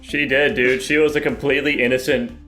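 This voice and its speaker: Fast-talking man rambling about films. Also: medium pitch, level tone, sharp tone, soft background music. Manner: rapid, profane, rambling retellings. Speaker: podcast co-host. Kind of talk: casual movie review chat.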